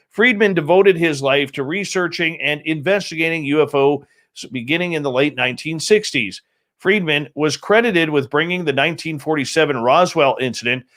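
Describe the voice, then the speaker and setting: A man's voice: medium pitch, fairly bright tone. A man hosting a radio show, casually reading news items aloud with small slips and self-corrections.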